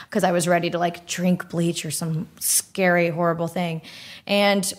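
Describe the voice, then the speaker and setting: A woman's voice: on the low side, normal speed. Earnest young woman telling stories. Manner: earnest, animated storytelling with frequent "like". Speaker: guest. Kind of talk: candid interview conversation.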